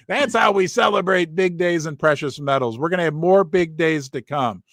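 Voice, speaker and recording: An excitable man hosts a live stream from his basement, calling out viewers' names one after another. His voice sits high for a man and the sound is close and dry. He is losing his voice. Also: no echo. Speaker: host of a precious metals live stream. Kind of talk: live stream chat greetings. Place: basement room.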